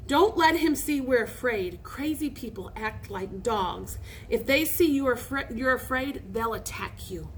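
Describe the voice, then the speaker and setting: A scheming young boy who acts out his plans with big, theatrical sneezes, as a woman reading a storybook plays him. His voice is high and very lively. Faint room hum lies beneath. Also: unhurried. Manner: animated, acting out scenes.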